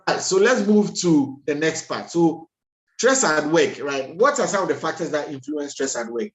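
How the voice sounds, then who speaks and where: A man, a doctor giving a lively health lecture over a video call, laughing at himself and acting out everyday scenes. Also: on the high side, normal speed, roomy sound, rough recording.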